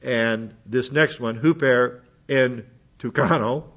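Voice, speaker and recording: A man's voice: medium pitch, slow, a bit bright, muffled recording. A man teaching a Bible lesson in sermon style, working through word studies with frequent restarts. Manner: methodical, works through Greek word lists with restarts.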